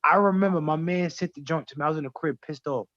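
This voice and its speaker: A man, a rapper guest from Brooklyn, telling stories in animated, profane, slangy talk. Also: fairly high pitch, fast, no room sound, lo-fi sound. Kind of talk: casual radio chat.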